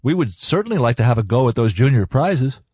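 A man's voice: medium pitch, sing-song, fast, darkish tone, breathy edge, no echo, clean studio sound. A man doing an earnest teenage boy.

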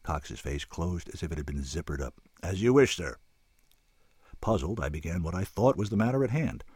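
A man narrating a first-person audiobook in an expressive storytelling manner. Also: sits low, fairly quick, slightly rough, no room sound, clean studio sound.

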